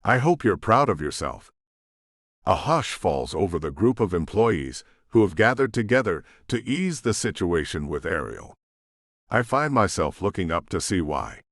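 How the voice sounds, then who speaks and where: A man narrates a romance audiobook in first person, with a deep voice that swings expressively. The recording is close and dry, with no room sound. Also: very animated, moderate pace, no room sound. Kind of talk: scripted narration.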